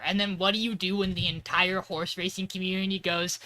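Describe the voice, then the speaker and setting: Bright-voiced excitable podcast co-host. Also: male voice, high-pitched, brisk, few pauses, no room sound. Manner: excitable, profane, acts out quotes with laughter. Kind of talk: casual anime podcast chat.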